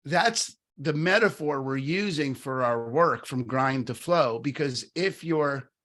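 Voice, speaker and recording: A middle-aged man co-hosting a podcast, talking casually and telling a story, animated, with many fillers and restarts. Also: medium pitch, takes it slowly. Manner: animated, lots of fillers and restarts, acts out quoted voices. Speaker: podcast co-host.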